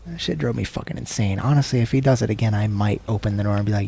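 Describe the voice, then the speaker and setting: Streaming a video game, an American man talks quickly in a gravelly, slightly rough voice that's a little mellow, hardly pausing at all. His chat is casual, profane, and rambling, and now and then he drops into low murmurs and whispers.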